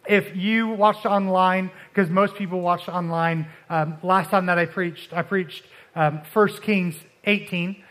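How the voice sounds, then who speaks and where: High-voiced young man preaching casually. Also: fairly even intonation, fairly bright tone. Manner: conversational, halting, many restarts and fillers; acts out Bible figures in quick asides. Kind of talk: casual sermon.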